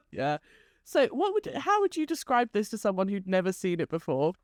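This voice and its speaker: A woman's voice: mid-range voice, huge pitch swings, normal speed, no room sound, studio quality. A woman co-hosting a casual chat, talking freely and laughing often. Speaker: podcast co-host.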